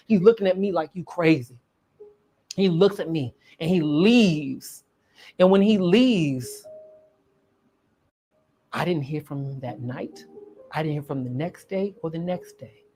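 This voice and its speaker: Low-voiced woman telling a dramatic story. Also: a little slow, long pauses, warm tone. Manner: dramatic, acts out scenes and voices; calls the listener honey. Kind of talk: personal storytelling monologue.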